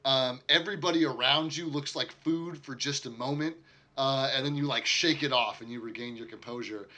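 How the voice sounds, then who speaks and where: A man narrating as game master of a tabletop game, relaxed and chatty as he describes the scene. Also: mid-range voice, brisk.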